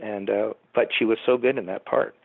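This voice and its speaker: Older man, rambling anecdotes, slightly low and husky voice, tinny phone-line sound, dry with no room echo. He tells long stories and acts out quotes as he goes. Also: fairly even intonation, fairly quick. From Southern California. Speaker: producer and writer, interview guest. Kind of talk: casual anecdotal interview.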